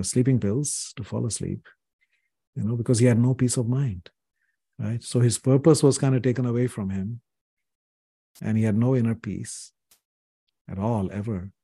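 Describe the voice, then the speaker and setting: Older guy from india, low husky voice, earnest and reflective, lots of "you know". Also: warm tone, no room sound, clean studio sound. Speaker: podcast guest, author. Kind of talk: reflective interview conversation.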